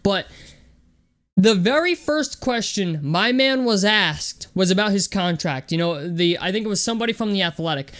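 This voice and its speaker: A man's voice: high-pitched, lively intonation, moderate pace, a bit bright. A young man hosting a sports vlog, talking casually and loosely with lots of fillers. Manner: chatty, loose and conversational with many fillers.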